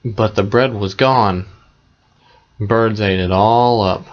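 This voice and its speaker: A man retelling a fairy tale in a plain, conversational, unhurried way, with small asides to the listener. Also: fairly low pitch, steady tone, muffled recording. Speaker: storyteller.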